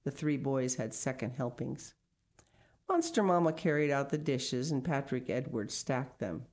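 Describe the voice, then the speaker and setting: A woman reading a children's picture book aloud, with lively expression and small asides. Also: a bass voice, moderate pace. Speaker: storyteller.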